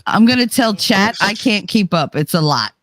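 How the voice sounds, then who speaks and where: A woman's voice: mid-range voice, sing-song, moderate pace. A woman co-hosting a casual stream chat, telling stories animatedly, quoting people and swearing freely. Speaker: stream co-host.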